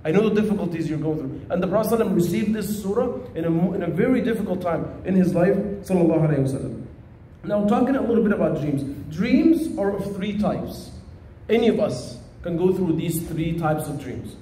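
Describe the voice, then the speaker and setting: A man with a high, mellow voice teaches a religious lesson. He talks casually and tells lively stories. The room echoes, with a faint hum of ambience behind. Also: quick pace. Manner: conversational, storytelling, animated. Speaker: Islamic teacher.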